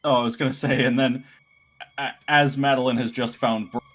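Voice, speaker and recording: A man playing in a tabletop role-playing game, describing his character's actions in a relaxed, halting way. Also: mid-range voice, low-quality recording. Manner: relaxed, halting, full of fillers and laughs. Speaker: player. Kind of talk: tabletop role-play narration.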